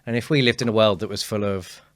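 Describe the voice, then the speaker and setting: A man, a speaking coach talking as a guest in a casual podcast conversation, animated and acting out quotes. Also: on the low side, fast talker, no room sound. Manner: animated storyteller, acts out quotes.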